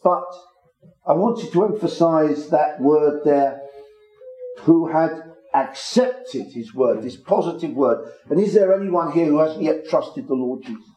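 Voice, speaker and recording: A man teaching from the Bible to a small congregation in a measured, explanatory way, stressing key words. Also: on the high side, dark tone. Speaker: preacher. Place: room with a small gathering. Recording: echoey room.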